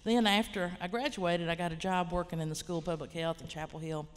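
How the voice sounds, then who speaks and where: A woman's voice: on the low side, fairly even intonation, fairly quick, smooth, big-room sound. A woman in her fifties with a Southern Appalachian accent, frankly telling rambling stories on a panel. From Appalachia, western North Carolina. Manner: frank, rambling, plainspoken, with mild swearing. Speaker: writer and college teacher on a panel. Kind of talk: casual panel storytelling. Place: large lecture hall.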